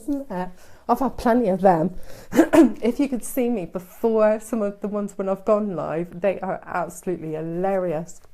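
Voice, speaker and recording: A woman's voice: mid-range voice, normal speed, mellow. A woman giving casual live-stream psychic readings, soothing and chatty, calling her listeners sweetheart and darling. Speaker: psychic medium.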